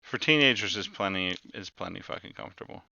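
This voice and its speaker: A man's voice: sits low, fast, creaky, sharp tone, no room sound, lo-fi sound. A man running a tabletop game as game master, explaining in a rambling way and repeating words as he goes.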